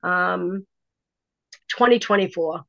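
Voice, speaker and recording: A woman's voice: fairly low pitch, takes it slowly, creaky, dry recording. A woman, a first-time author, telling a dramatic story in a casual interview, full of restarts. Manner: animated, dramatic retelling with many restarts. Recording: slightly dull, dry lo-fi sound.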